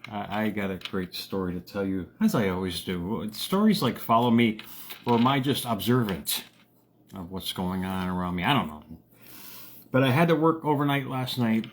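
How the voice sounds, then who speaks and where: A man hosting a motivational live stream, telling a story in a casual, jokey way with big jumps in his voice. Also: a little hiss or hum. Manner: animated, jokey, acts out quotes with big pitch jumps. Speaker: motivational radio host.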